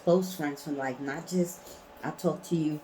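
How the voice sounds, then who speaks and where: A woman's voice: low-pitched, steady tone, a little slow, dark tone, a little hiss or hum, low-quality recording. A woman vlogging in a casual storytelling way, blunt and emphatic, swearing freely.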